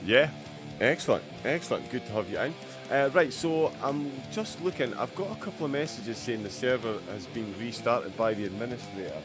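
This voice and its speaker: A man's voice: mid-range voice, expressive, moderate pace, music in the background. A man commentating a sim racing event live, chatting and joking with a guest between race updates. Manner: chatty, jokey, banter-filled.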